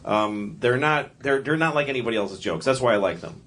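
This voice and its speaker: A man's voice: mid-range voice, expressive, fairly quick, a bit bright. A man performing a stand-up comedy set in a club, rambling and interrupting himself. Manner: rambling, self-interrupting, acting out voices. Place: comedy club stage with audience. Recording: noisy live club recording.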